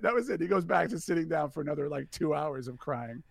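Gravelly middle-aged man telling a story. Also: a little high, lively intonation, quick pace, few pauses, no echo, studio quality. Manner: acts out the voices of the people in his story; swears freely, laughs between lines. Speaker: guest telling a business story. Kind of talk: animated anecdote.

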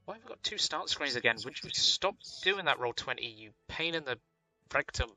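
A man acts as game master for an online tabletop session. His voice is bright and edgy, and his pitch swings widely as he talks. He speaks casually and swears offhandedly, with faint music behind him. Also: expressive, a little fast, no room sound, low-quality recording.

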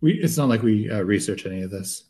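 A man's voice: fairly low pitch, animated, fast, dark tone. A man co-hosting a podcast, chatting casually about a film, reminiscing and laughing easily. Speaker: podcast co-host. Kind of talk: casual movie chat.

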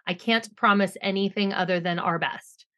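A middle-aged woman co-hosting a podcast, chatting casually and reading out thanks, emphatic and quick to react with blunt humor. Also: medium pitch, fairly even intonation, lo-fi sound. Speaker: podcast co-host. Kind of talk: casual chat and show reading.

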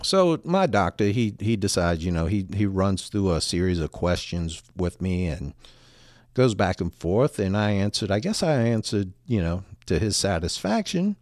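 A man's voice: low voice, very animated, moderate pace, a little mellow, no room sound, clean studio sound. A middle-aged man telling a personal story in a rambling, casual way with many restarts.

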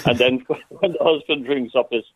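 A man, a playwright, talks thoughtfully about his play, pausing often and laughing now and then. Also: mid-range voice, husky. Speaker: playwright guest. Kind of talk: phone interview. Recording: tinny phone line.

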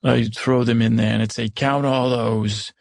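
A man improvising as an older, once-cruel stepmother, telling her story in a rambling, halting way and correcting himself as he goes. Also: mid-range voice, fairly even intonation, vocal fry, darkish tone, no echo, clean studio sound. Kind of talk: improvised first-person storytelling.

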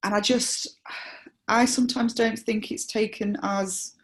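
A woman, a supporter liaison officer, explaining her views in a measured interview with frequent restarts. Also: medium pitch, fairly even intonation. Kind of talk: conversational interview.

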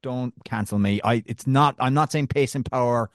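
A man from Arkansas co-hosting a casual sports podcast, jokey and animated, often laughing. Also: mid-range voice, moderate pace, no echo, clean studio sound. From Arkansas, USA. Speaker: podcast co-host.

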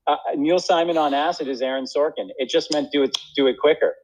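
A man's voice: fairly high pitch, fast talker, a little mellow, rough recording. A man who is an actor, talking casually in a rambling, self-deprecating way with many fillers and restarts. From United States. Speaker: actor and guest. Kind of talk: casual conversation.

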